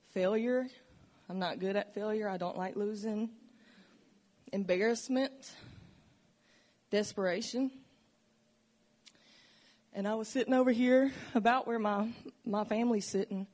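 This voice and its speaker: A woman with a mid-range, slightly mellow voice shares her testimony in a church sanctuary. She speaks earnestly and with feeling, reflecting on her faith and what she has struggled through.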